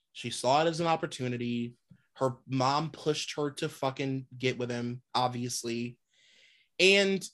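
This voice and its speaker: A woman co-hosting a podcast in casual chat, ranting bluntly with lots of swearing. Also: rumbling low. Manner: blunt, sweary, animated rants with laughs. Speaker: podcast co-host.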